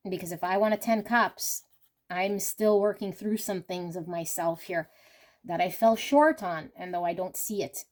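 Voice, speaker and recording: A woman's voice: mid-range voice, a little mellow. A woman with an everyday mid-range voice gives an intuitive tarot reading. She speaks earnestly and repetitively, coaching her listener on love and energy and checking in often with "you know" and "okay?". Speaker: tarot reader.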